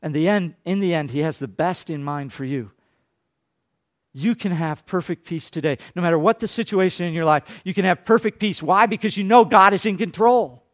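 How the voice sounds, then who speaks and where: A man preaching a sermon, swinging between loud, urgent lines and hushed, quiet ones, and briefly acting out the people he quotes. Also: high-pitched, normal speed. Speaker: pastor.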